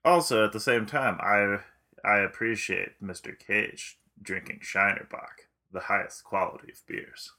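Man, low voice, bright and forceful, slangy, casual podcast chat. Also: a little slow. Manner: enthusiastic, slangy, emphatic agreement. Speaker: podcast co-host. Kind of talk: casual movie-review chat.

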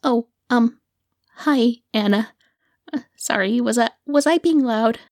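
Brief: woman as jittery young student, slow halting speech, dry close sound. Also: fairly high pitch, darkish tone, no room sound. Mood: anxious. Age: young adult. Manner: nervous, stammering, many fillers. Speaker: student and podcaster.

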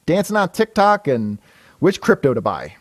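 A man co-hosting a podcast, talking in a rambling, animated way and swearing freely in casual chat. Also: fairly high pitch, normal speed, no room sound. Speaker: podcast co-host discussing comics.

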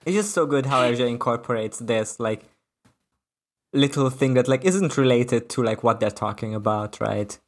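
A man from Italy talking about comics in an easygoing, meandering way, with lots of filler words. He sounds like a podcast co-host chatting with friends at a relaxed pace, circling back as he goes. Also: mid-range voice, moderate pace. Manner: rambling, full of "like" fillers. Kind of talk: casual comic book discussion.

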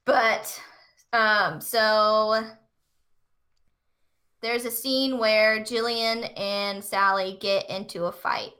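Bright-voiced woman recapping a film. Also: mid-range voice, extremely slow, long pauses. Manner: animated, acts out quotes in put-on voices. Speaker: podcast co-host recapping a movie. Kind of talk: casual chat.

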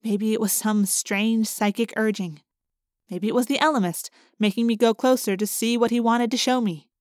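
A woman narrating a first-person novel in a clear, measured storytelling manner. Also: on the high side, a little mellow, no room sound, clean studio sound. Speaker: audiobook narrator.

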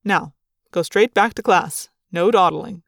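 A woman's voice: on the low side, unhurried, creaky, fairly bright tone, dry recording, studio quality, voice pushed down. A woman doing a droning, condescending male vice principal. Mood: dismissive. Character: stern middle-aged male school vice principal.

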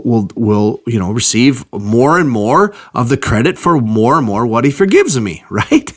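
A middle-aged man preaching a sermon, teaching through a Bible passage in a conversational way with frequent check-ins. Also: mid-range voice. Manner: conversational, with restarts and check-ins like "okay?" and "right?". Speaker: pastor.

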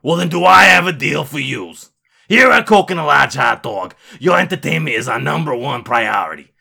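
A man putting on a loud hard-selling infomercial announcer voice. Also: animated, moderate pace, gravelly, full character voice. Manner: shouted hard-sell pitch.

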